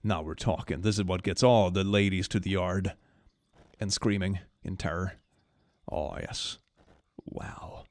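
A man streaming a game, commenting casually and excitably, swinging between gushing and mumbling with frequent laughs. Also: low voice, normal speed.

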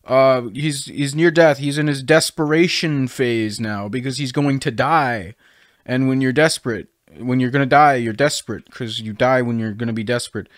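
A man's voice: medium pitch, moderate pace, dry recording. A young man giving casual, rambling, jokey commentary while playing a video game. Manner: rambling, jokey, self-mocking. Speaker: gaming video creator.

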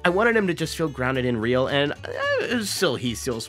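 A man's voice: fairly high pitch, very animated, moderate pace, fairly bright tone, soft background music. A man hosting a casual video, chatting upbeat about drawing characters and explaining his process. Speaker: YouTube voice actor host. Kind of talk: casual vlog commentary.

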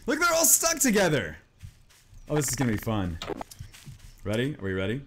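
A man giving excited let's-play commentary over a video game, jumpy and quick to yelp and shriek when startled. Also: mid-range voice, heavy background noise. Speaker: gameplay commentator. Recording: game gunfire and clicks behind the voice.

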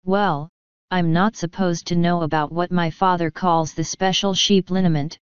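A woman reading a sharp, determined young girl. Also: on the low side, steady tone, moderate pace, clear, resonant tone, no echo, muffled recording, natural voice. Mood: matter-of-fact. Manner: sharp, insistent.

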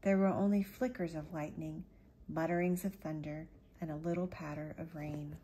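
A woman narrating a storybook in a quiet, even way, with a husky voice. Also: low voice, normal speed, a little hiss or hum. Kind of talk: storybook reading.

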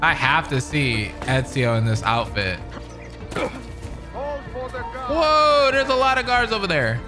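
A man giving excitable, slangy let's-play commentary over a video game, laughing often. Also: medium pitch, moderate pace, music in the background. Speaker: gaming commentator.

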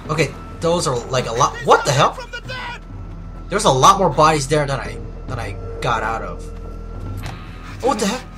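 A man's voice: fairly high pitch, sing-song, moderate pace, pauses often. A man doing let's play commentary at his computer, swinging between shrieking reactions and muttered asides. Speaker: gaming video host. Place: at a computer, keyboard audible. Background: game music and sounds.

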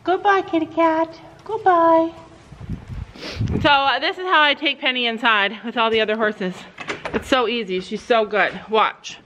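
High-voiced chatty woman outdoors. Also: moderate pace, bright, forceful tone, slight background noise. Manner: chatty, laughs often, coos in baby talk to animals. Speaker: mom vlogger. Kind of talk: casual vlog chat. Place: outdoors at a horse barn.

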